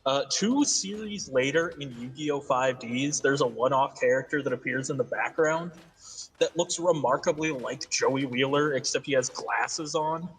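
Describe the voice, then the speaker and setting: A man chatting on a friend's gaming stream, trading dry, quick-witted quips. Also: mid-range voice, slight background noise, poor audio. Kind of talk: casual gaming stream chat.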